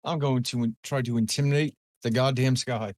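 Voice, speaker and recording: A man's voice: medium pitch, steady tone, fairly quick, no room sound. A man playing a tabletop game, brash and blustery, swearing his way through rolls. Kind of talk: casual play, in-character banter.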